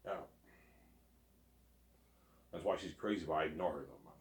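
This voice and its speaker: A man's voice: rumbling low, moderate pace. A young man rambling casually and profanely, often repeating and stumbling over his words. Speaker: vlogger. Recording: echoey room.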